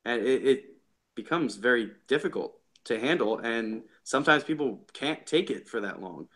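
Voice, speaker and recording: A young man co-hosting a soccer podcast, thinking out loud and often stumbling back to restart a sentence. His voice is bright and forward at an ordinary pitch for a man, with a forceful edge. The delivery is loose and unscripted throughout. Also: expressive, normal speed. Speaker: podcast co-host. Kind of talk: casual soccer chat.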